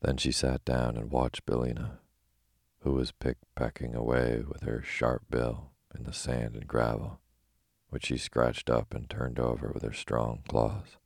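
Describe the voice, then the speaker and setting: Very deep, gravelly bedtime storyteller man. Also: dry recording, studio quality. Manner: calm, slow and soothing. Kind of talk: sleepy bedtime story reading.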